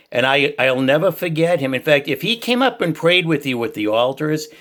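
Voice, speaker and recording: Older Boston man, loud booming voice, emphatic heartfelt testimony, mid pitch. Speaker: Christian YouTuber sharing church reflections.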